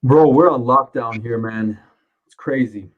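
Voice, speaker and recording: Husky man rambling in casual chat. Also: medium pitch, measured pace, phone-quality sound. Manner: rambling, swearing, laughs often. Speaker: streamer. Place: home, under curfew.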